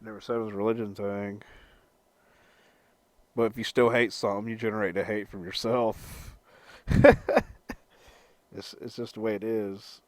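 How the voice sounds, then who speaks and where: A man's voice: on the low side, flat delivery, normal speed, no echo. A young man rambling and stammering as he answers chat on a live stream, swearing freely and laughing at his own jokes. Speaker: livestreamer reading chat.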